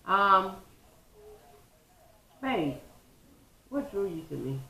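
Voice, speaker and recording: A woman co-hosting a couple's channel who asks and answers relationship questions in an unhurried, playful way, with dramatic quips. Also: mid-range voice, sing-song, creaky, pushed and bright. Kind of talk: casual relationship chat. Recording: roomy echo.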